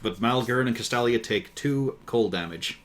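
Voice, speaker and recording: A man's voice: medium pitch, moderate pace. A man running a tabletop game as game master, describing the action with a wry, joking manner. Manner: descriptive, wry, laughs often.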